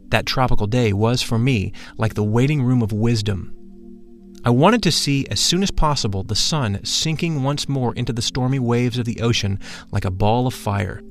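Guy reading a first-person story, solemn and measured, mid-pitch, soft music behind. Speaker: narrator. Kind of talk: first-person audiobook narration.

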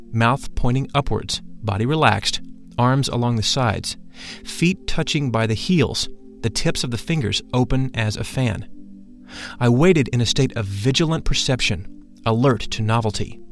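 A man reads a first-person account aloud in a measured, solemn manner, his voice sitting in an ordinary middle pitch. Faint music plays softly underneath the narration.

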